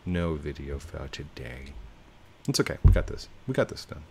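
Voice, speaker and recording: A man's voice: extremely low pitch, lively intonation, normal speed, gravelly, background noise. A man giving casual let's-play commentary, chatting playfully to himself and his viewers as he plays. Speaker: YouTube gamer.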